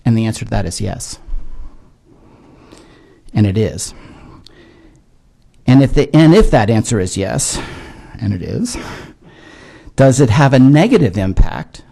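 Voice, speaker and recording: A man in his sixties, a disability education expert, testifying to legislators in a measured, earnest way with frequent filler words. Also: on the low side, big pitch swings, vocal fry, dark tone. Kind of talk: formal testimony. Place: legislative hearing room.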